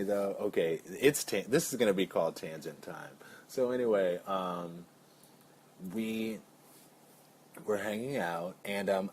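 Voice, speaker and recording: Man, very low voice, chatty vlogger, rambling tangents, playful asides, faint background noise. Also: darkish tone. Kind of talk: casual chat.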